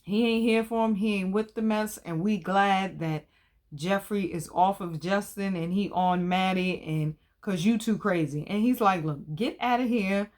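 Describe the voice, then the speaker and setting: A woman's voice: mid-range voice, steady tone, unhurried, a little mellow. A woman in her thirties, hosting a casual recap of a TV episode, talking in a chatty, colloquial and opinionated way. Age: 30s.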